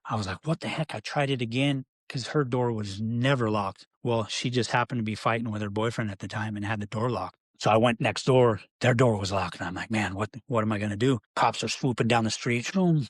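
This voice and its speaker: A man's voice: on the low side, fairly quick, hardly any pauses, slightly rough, no room sound. A middle-aged man, a podcast guest, telling his life story in a rambling, candid way with many fillers and restarts.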